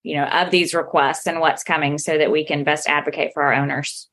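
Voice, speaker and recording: A woman's voice: low voice, fairly even intonation, a little fast, fairly bright tone. A woman guesting on a podcast, explaining her work in property management with a dry, sarcastic streak. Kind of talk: casual podcast interview.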